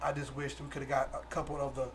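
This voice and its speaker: A man co-hosting a podcast in casual group chat, animated and stumbling over restarts. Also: medium pitch, fast, slight background noise. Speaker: podcast co-host.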